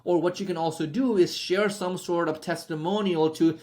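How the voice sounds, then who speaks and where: A man's voice: sits high, steady tone, normal speed, a little mellow. A young man giving a casual spoken sales masterclass, chatty and constantly checking in with "okay?" and "right?". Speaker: sales trainer.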